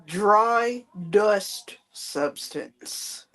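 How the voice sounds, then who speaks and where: Slow, patient woman explaining. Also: medium pitch, expressive, a bit bright. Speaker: panel chat guest. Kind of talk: casual chat.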